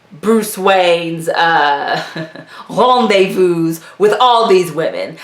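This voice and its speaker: Chatty, giggly woman in an echoey room. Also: medium pitch. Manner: chatty and giggly, with frequent laughs and asides. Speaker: YouTube comics history host. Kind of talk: casual explainer vlog.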